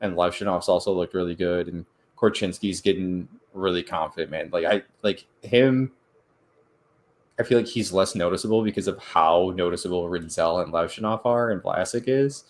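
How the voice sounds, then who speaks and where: A man co-hosting a casual sports podcast, telling stories in an animated way and acting out quotes in a high voice. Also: moderate pace. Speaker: podcast co-host.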